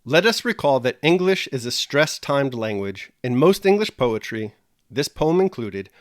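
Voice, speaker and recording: A man teaching a scripted video lesson in a lively voice that climbs and dips a lot. He explains each step in a measured way and speaks right to the viewers. The recording is dry and close, with no room sound. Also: mid-range voice, dry recording.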